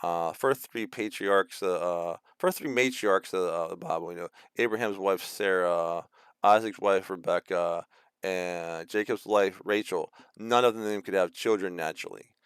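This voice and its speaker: Male, 30s, rambling casual rant, lots of fillers; low, smooth, dry close sound. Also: a little slow, dry recording. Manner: rambling, with many fillers and restarts; acts out quoted voices mockingly. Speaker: video host. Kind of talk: casual ranting monologue.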